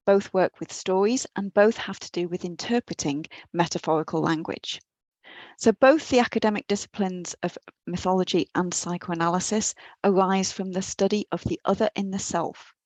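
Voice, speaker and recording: Speaking into her computer from an office at home or work, a woman delivers a guest academic lecture on mythology, earnest and mildly self-deprecating, restarting now and then. Her medium-pitched voice has a darkish tone, and the dry recording is of low quality.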